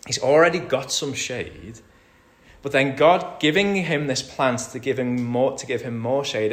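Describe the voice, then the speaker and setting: A man preaching a sermon, explaining a passage verse by verse and acting out the quoted lines with big swings in loudness. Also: mid-range voice, slight background noise.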